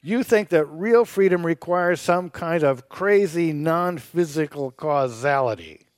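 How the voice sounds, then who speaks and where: A man's voice: a little high, measured pace, dry recording, studio quality. A man co-hosting a radio show, debating philosophy with a sarcastic, teasing edge and laughing as he argues. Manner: laughs while arguing.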